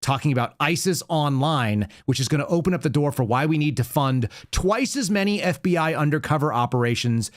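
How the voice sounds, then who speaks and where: A man's voice: fairly high pitch, lively intonation, brisk, hardly any pauses, no echo, clean studio sound. A man hosting a political podcast, talking in a blunt, sarcastic way. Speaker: podcast host. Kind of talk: casual political commentary.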